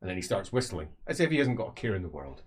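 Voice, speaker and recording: A man's voice: sits low, big pitch swings, quick pace, very noisy. A man narrating an improvised tabletop game as game master, swearing and stammering as he switches between characters.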